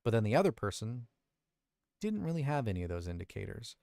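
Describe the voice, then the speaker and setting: A man's voice: mid-range voice, very animated, a little fast, creaky, mellow, dry recording, studio quality. A male voice actor chatting casually on a livestream, explaining his editing and thinking aloud from his recording booth. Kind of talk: casual livestream chat about audio editing.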